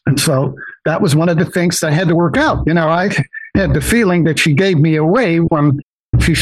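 An older man telling personal stories as a guest in an interview, animated and often acting out the voices of others. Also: fairly high pitch, fairly quick, husky, dry recording, poor audio. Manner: animated, acts out quoted voices, many restarts. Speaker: guest investor. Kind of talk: personal storytelling in a podcast interview.

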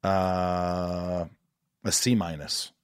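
A man's voice: low-pitched, little pitch movement, drawn-out words, clean tone, no echo, clean studio sound. A man hosting a podcast in casual chat, blunt and opinionated, wandering into asides. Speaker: podcast host.

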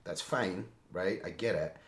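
Middle-aged ex-Marine guest, very low voice, animated storyteller, roomy echo. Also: male voice, a little slow. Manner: animated, seeks agreement with frequent "right?". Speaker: podcast guest, former Marine. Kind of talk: conversational war storytelling.

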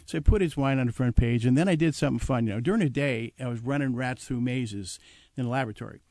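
Older man telling a lively anecdote. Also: mid-range voice, fast talker, dry recording. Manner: animated anecdote with acted quotes and chuckles. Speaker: guest telling his life story. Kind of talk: casual storytelling.

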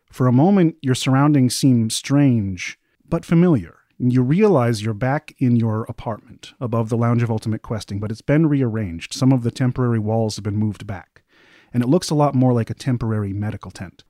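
Mellow-voiced man narrating a fantasy game. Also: mid-range voice, no echo, clean studio sound. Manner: descriptive, measured narration. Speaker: game master.

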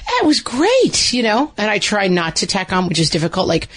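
A woman's voice: lowish voice, quick pace, fairly bright tone. A woman co-hosting a parenting podcast who talks in a chatty, rambling way, full of "like" and acted-out quotes. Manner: chatty, rambling, many fillers. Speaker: podcast co-host. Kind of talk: casual parenting podcast chat.

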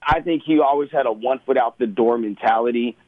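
A man's voice: medium pitch, a little fast, no room sound. A man hosting a sports talk radio show, opinionated and conversational. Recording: tinny phone-like radio audio, dry.

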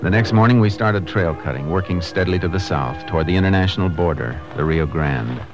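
An actor playing a calm, resourceful tracker who narrates in an old radio drama. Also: male voice, sits low, brisk, muffled recording, over loud music, close to an everyday voice. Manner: calm, even narration; clipped commands. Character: steady, resourceful adult male tracker. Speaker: narrator and lead detective. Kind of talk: 1950s radio drama acting.

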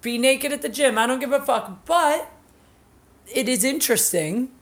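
A woman's voice: high-pitched, lively intonation, moderate pace. Blunt, teasing woman podcast host. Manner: blunt, teasing, swears freely. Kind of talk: casual podcast chat.

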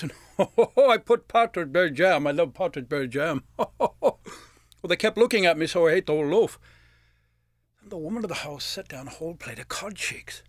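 Lively guy telling a story in first person, a bit higher voice, dry studio. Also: vocal fry, dry recording. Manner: animated, rhythmic chanting, mimicked sounds.

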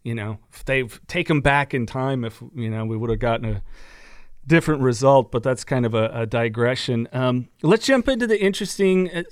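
A man hosting an interview, asking questions in a halting, eager way. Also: medium pitch, clean tone, dry recording, studio quality. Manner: halting, restarts, enthusiastic. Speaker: podcast host. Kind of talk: casual interview talk.

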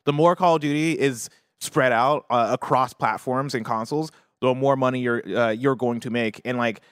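A man co-hosting a gaming news show, thinking out loud with restarts and tag questions. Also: medium pitch, fairly even intonation, normal speed, smooth, no room sound, clean studio sound. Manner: rambling, restarts, many fillers and tag questions. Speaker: co-host. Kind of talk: casual gaming news chat.

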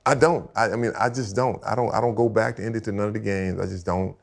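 A deep, gravelly older man tells long stories in a relaxed chat. He repeats phrases for emphasis and acts out what others said. His speech is casual and loose. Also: fast talker. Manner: animated storyteller, repeats himself, acts out quotes. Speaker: guest, retired football player. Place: house set for a podcast.

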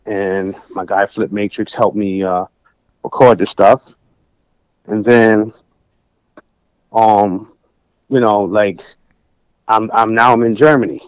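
A man's voice: on the low side, slow, long pauses, dry recording, low-quality recording. A middle-aged man from Massachusetts, a music producer telling stories in a casual interview. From New Bedford, Massachusetts. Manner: animated, acts out dialogue. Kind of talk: storytelling in casual conversation.

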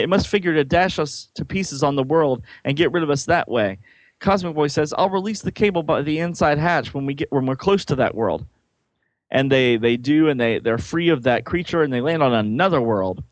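A man's voice: mid-range voice, lively intonation, moderate pace, no echo. A man casually reading comic-book dialogue aloud, adding joking asides and laughing often.

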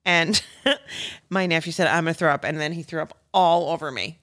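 Comedian guest, female, lowish voice, animated storyteller, laughs through her stories. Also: brisk. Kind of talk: casual storytelling chat.

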